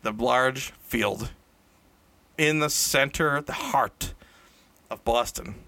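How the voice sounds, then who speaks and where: A man spins an improvised comic tale in a loose, rambling way, stopping to fix his own words and chuckling along. His voice is bright and ringing, and the sound is close and dry with no room echo. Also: medium pitch, slow. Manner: rambling, self-correcting, laughs at own jokes. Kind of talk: casual improvised comic storytelling. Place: indoor room shared with a co-host.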